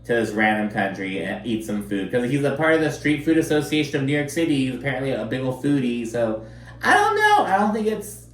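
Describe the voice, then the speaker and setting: A man with a medium-pitched, expressive voice talks a little fast while casually recapping a reality show, chatty and sarcastic, heavy on fillers and swearing. The recording has a roomy echo, a slightly distant mic, and faint background noise.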